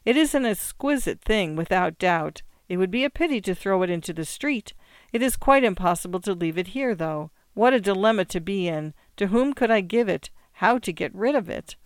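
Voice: mid-range voice, expressive, moderate pace, smooth, no echo, close to an everyday voice. A reader doing a fussy, flustered doctor. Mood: fretting. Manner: fussy, protesting. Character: flustered family-man doctor.

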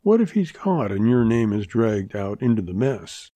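A man voicing a weary, cold-eyed young gunfighter in a Western audiobook, with a slow, smooth drawl. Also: fairly low pitch, very animated, dark tone, no room sound.

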